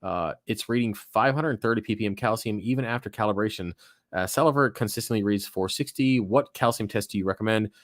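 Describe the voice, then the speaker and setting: Young man, low voice, dry close sound; casual live-stream host who rambles, swears and wanders off topic. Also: a little fast, dry recording. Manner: rambling, profane, easily sidetracked, reads chat aloud. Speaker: livestream host answering viewer questions.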